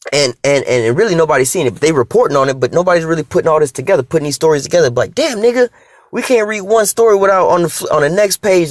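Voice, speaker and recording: Animated man, dry close commentary. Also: dry recording. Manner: animated, profane street slang, acts out dialogue; restarts and fillers, rising pitch when emphatic. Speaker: religious commentator. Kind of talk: casual spoken commentary.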